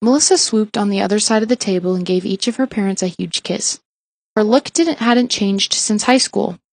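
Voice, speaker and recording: A woman's voice: mid-range voice, normal speed, no echo. Woman reading a story, dry close sound. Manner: even reading with small slips and restarts. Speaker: audiobook reader. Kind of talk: read-aloud fiction narration.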